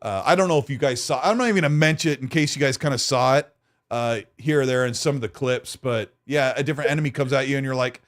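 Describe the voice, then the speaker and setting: A man's voice: mid-range voice, fast talker. A man co-hosting a gaming podcast in casual chat, rambling and detailed. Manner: rambling, detailed, full of fillers like "you know". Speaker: podcast co-host.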